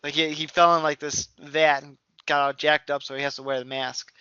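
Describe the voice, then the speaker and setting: A man co-hosting a podcast, chatting casually, opinionated and halting with fillers. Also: a little high, level tone, bright, forceful tone, clean tone, no echo. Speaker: podcast co-host. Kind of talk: casual chat. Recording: dry, dull lo-fi audio.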